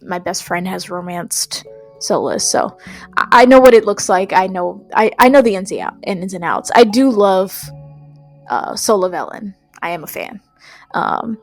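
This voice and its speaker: A woman's voice: medium pitch, gravelly. A woman reviewing a video game in a casual, rambling way, full of fillers and restarts.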